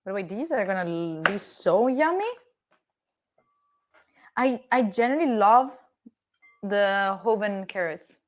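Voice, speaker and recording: Faint music plays behind a young Italian woman livestreaming from her home kitchen, its door open. Speaking with an Italian accent in an expressive mid-range voice, she's unhurried and pauses often, chatting playfully with viewers while cooking and swearing now and then.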